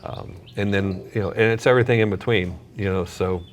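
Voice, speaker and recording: A man's voice: deep voice, steady tone, a little fast, slight background noise. A man hosting a podcast on location at an animal shelter, chatting casually and often repeating his words as he goes. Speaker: podcast host. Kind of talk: casual interview.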